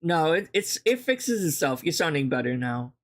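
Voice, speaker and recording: Casual podcast host, filler-heavy, giggly, mid-pitched. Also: very animated, moderate pace. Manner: fillers of "like", laughs often. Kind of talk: casual chat. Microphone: voice call.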